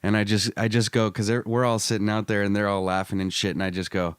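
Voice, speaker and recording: A man's voice: lowish voice, little pitch movement, quick pace, clean tone, dry recording, studio quality. A man on a casual podcast telling a long, rambling, profane story, often jumping into raised voices to act out the people in it. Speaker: podcast co-host.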